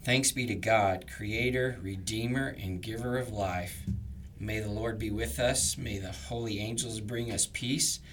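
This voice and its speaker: Low-voiced man leading liturgical prayers. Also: fairly bright tone, slight background noise. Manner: measured, reverent recitation. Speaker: prayer leader.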